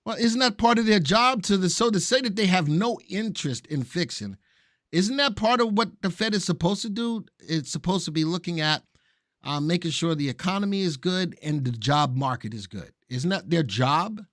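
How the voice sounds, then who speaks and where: Animated male live-stream host. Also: sits high, moderate pace, dry recording, clean studio sound. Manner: animated, reads viewer comments aloud. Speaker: market show co-host. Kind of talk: casual live-stream chat.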